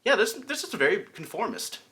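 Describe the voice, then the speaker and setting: A man's voice: sits high, sing-song, a little fast, bright, forceful tone. A man hosting a casual local morning show, loose and rambling with lots of fillers. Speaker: host.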